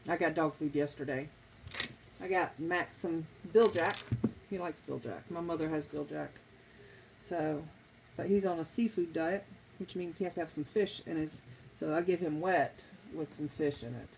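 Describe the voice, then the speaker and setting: A woman's voice: low voice, normal speed, creaky, a little mellow, slight background noise, poor audio. A middle-aged woman, chatting casually with viewers on a stream, rambling from one topic to the next. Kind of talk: casual live chat.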